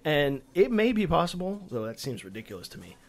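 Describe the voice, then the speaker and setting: A man co-hosting a casual gaming podcast, talking in a rambling, animated way with frequent restarts and casual swearing. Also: a little high, a little fast. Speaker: podcast co-host. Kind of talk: casual chat.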